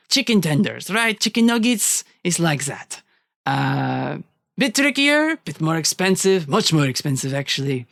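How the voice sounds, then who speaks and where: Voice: mid-range voice, vocal fry, fairly bright tone, no room sound, clean studio sound, voice pushed up. Someone putting on a French villain, Nain Rouge. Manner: slow, falsely polite, drawn-out purring. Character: smooth, menacing male hunter villain.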